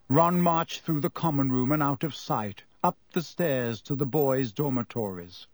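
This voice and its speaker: A man narrating a children's novel in an expressive storytelling manner. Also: mid-range voice, moderate pace, hardly any pauses, no room sound. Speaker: audiobook narrator. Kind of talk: scripted narration.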